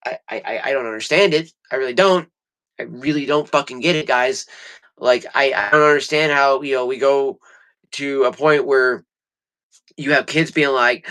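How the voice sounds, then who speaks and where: A man's voice: medium pitch, normal speed, a bit bright. A man hosting a livestream, ranting in a heated, profane and rambling way. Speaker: livestream host. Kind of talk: casual livestream rant. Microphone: studio mic.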